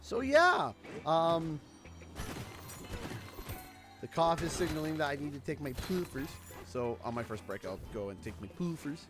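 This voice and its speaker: A man from Canada chatting casually on a game livestream, telling a story with lively quoted voices. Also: a little high, unhurried, long pauses. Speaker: streamer. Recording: faint music behind.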